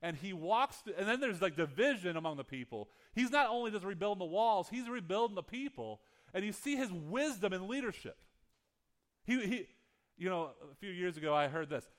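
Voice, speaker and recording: A pastor in his thirties preaches with a somewhat high voice for a man. He speaks earnestly, stumbling and restarting phrases as he works through his point. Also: expressive, fairly bright tone. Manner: earnest, halting with frequent restarts. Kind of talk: sermon.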